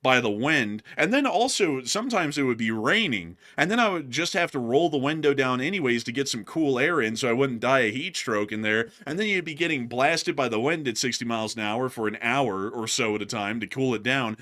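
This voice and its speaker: A man's voice: mid-range voice, lively intonation, brisk, few pauses, bright, forceful tone. A man hosting a live stream in casual, rambling chat, calling the audience "folks" and piling up fillers. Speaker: livestream host.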